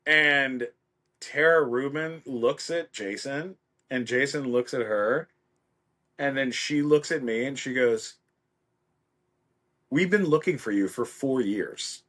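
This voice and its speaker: A middle-aged man telling a story as a podcast guest, acting out the people he quotes with lively voices. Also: medium pitch, takes it slowly, long pauses. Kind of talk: casual anecdote.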